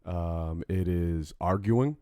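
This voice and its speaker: A man's voice: sits low, slow pace, dry recording, clean studio sound. A man co-hosting a podcast, chatting casually and playfully, fussing over his jokes. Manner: animated, playful, overthinks jokes. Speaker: podcast co-host. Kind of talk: casual comedic chat.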